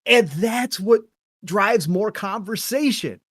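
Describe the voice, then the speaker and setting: A man's voice: high-pitched, animated, slow, fairly bright tone, dry recording, studio quality. A middle-aged man hosting a gaming podcast, talking in an earnest, rambling, opinionated way with casual swearing. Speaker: podcast host.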